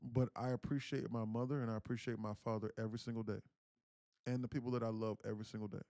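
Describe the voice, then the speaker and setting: Young New guy hosting a trading stream, loose and slangy, mid pitch, bone-dry mic. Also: little pitch movement, fast talker, no room sound. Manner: emotional storyteller, acts out quoted pleas loudly; casual slangy speech with frequent fillers. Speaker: day trading livestream host. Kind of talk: casual livestream storytelling.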